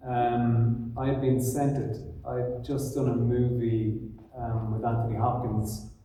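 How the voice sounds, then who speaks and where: An Irish man speaks at a convention panel in a loose, laughing, filler-heavy way. His tone is dark and mellow. The sound is caught far off in a huge, echoey hall, with room hiss behind him. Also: medium pitch, little pitch movement, unhurried. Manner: rambling, laughing, many fillers. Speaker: actor, panel guest. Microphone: stage mic, recorded on a phone in the audience.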